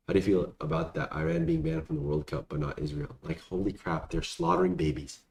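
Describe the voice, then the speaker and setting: A young adult man with a very deep, gravelly, darkish voice talks fast in a sing-song way while casually answering viewer questions. He rambles in slang with plenty of fillers; the room is echoey, with faint background noise.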